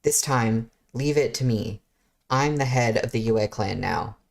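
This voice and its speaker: A reader voicing a tearful, spoiled young male heir from a novel, speaking in a choked, halting way. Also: medium pitch, vocal fry. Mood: resolute. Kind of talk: novel read-aloud.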